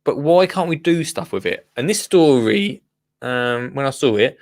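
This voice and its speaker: A man's voice: mid-range voice, animated, normal speed, no echo. A man hosting a gardening show, chatting casually through the news with rambling asides. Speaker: gardening podcast host. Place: radio studio.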